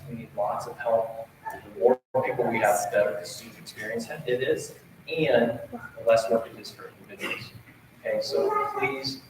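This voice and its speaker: A man in his thirties or forties speaks to a school concert audience, earnest and loose, with fillers and restarts. He is heard from far across a very reverberant auditorium. Room noise hums underneath. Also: mid-range voice. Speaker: band director.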